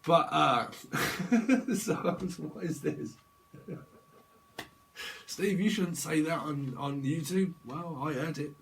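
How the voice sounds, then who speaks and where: A man giving a casual, rambling tarot reading, chuckling and slipping into quick put-on voices. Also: a little high, gravelly, fairly bright tone, a little hiss or hum. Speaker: tarot reader.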